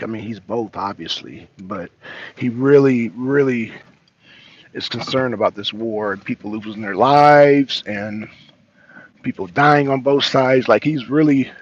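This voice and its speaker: Rambling slangy man, husky and lo-fi. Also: medium pitch. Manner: rambling, loose and slangy, many fillers. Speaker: political talk show host. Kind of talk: casual solo vlog commentary. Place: at home and in his car, garage.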